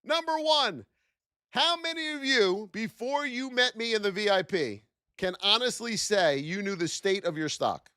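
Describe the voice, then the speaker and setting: A man hosting a live-stream trading lesson, animated and full of rhetorical questions, shouting out his viewers. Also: high-pitched, a little slow, smooth, dry recording, studio quality.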